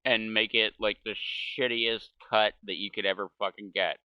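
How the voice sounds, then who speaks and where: A man's voice: on the low side, steady tone, normal speed, clean tone, no echo, lo-fi sound. A man ranting casually and profanely while gaming, exasperated and swearing constantly. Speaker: gaming streamer.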